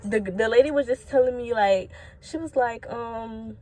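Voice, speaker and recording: Young woman, profane, animated, casual storytime vlog. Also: fairly high pitch, moderate pace, a little hiss or hum. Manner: blunt, profane, animated, talks straight to viewers. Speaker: storytime vlogger.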